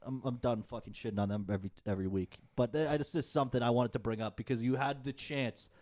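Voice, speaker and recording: A man's voice: medium pitch, quick pace, darkish tone. A man, co-hosting a casual podcast chat and ranting heatedly with plenty of swearing. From United States. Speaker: podcast co-host.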